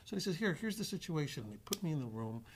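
A man telling a guest anecdote in an animated way, acting out the voices of the other people with frequent restarts. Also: fairly high pitch, quick pace, slight background noise. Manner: acts out quoted dialogue with restarts. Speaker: actor guest.

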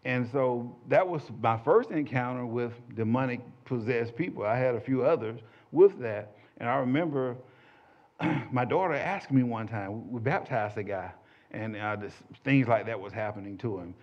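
A man recounts a church testimony to a small group, speaking in a folksy, animated storytelling way at a middling pitch. The recording is muffled and lo-fi. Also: moderate pace. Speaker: church minister giving a testimony. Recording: dull lo-fi audio.

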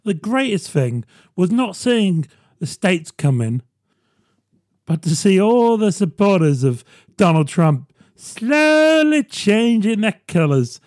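A man hosting a podcast, delivering a sardonic comedy monologue with quick asides to the listener. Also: high-pitched, very animated, no echo, clean studio sound. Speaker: podcast host. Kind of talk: stand-up style comedy monologue.

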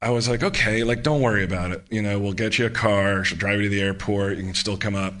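A man's voice: on the low side, fast talker, very noisy. A man telling blunt, profane stories in casual chat.

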